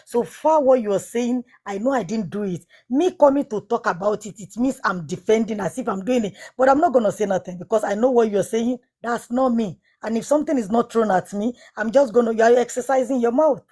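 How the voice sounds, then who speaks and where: A woman's voice: fairly high pitch, dark tone. A woman with an African accent on a live panel, defending her opinion in an insistent, repetitive way. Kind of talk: live audio panel discussion.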